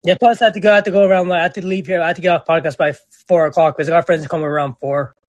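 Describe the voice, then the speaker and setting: A young man with a notably high-pitched voice chats on a casual podcast as co-host. He rambles excitably, full of slang, and keeps restarting his sentences. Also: racing, no echo, lo-fi sound. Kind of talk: casual chat.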